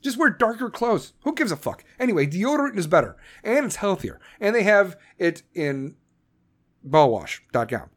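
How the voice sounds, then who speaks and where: A man hosting a podcast, ranting angrily and swearing constantly, with shouted bursts, then reading sponsor ads in the same blunt, profane way. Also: high-pitched, sing-song, normal speed. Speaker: podcast host. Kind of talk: profane political rant and ad read.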